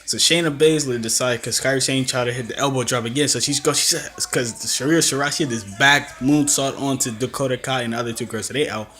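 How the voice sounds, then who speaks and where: A young man casually recapping a wrestling event, telling it in an animated way and acting out quotes. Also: mid-range voice, quick pace, hardly any pauses. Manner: animated storytelling with acted-out quotes and laughs. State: coughing, throat acting up. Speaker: wrestling reviewer.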